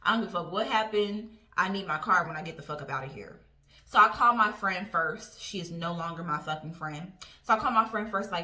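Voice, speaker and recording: A woman's voice: lowish voice, fairly quick. Profane young woman telling a story. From Indiana. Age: 20s. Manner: profane, animated, conversational. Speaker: storytime vlogger. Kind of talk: casual storytelling vlog. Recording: roomy echo.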